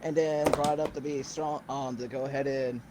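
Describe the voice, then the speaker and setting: A man playing a tabletop game who talks haltingly, restarting and hesitating. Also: mid-range voice, flat delivery, heavy background noise. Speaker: player. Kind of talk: casual tabletop game chat.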